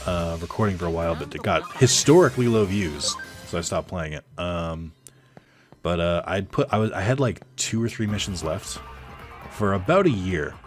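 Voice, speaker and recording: Man, gaming YouTuber, low voice, casual rambling storytelling, lots of ums, soft game music underneath. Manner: rambling, filler-heavy, chuckling often. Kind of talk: casual storytelling over gameplay.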